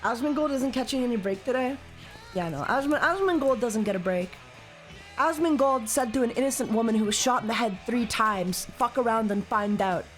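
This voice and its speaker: A woman's voice: on the high side, brisk, faint music behind. Profane, jokey woman streamer. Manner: jokey and profane, bursts into loud mock rants. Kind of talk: casual live-stream chat while playing a game.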